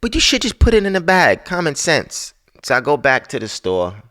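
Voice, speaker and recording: A man's voice: fairly high pitch, wildly swooping pitch, moderate pace, sharp tone. A man hosting a podcast, telling a story in a casual, profane, exasperated rant. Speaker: podcast host.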